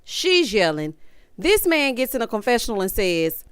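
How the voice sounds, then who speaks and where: Sassy woman recapping TV, lively voice. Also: high-pitched, moderate pace, clean tone, dry recording, studio quality. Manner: animated, dramatic and sassy, with punchy asides. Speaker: reality TV recap host.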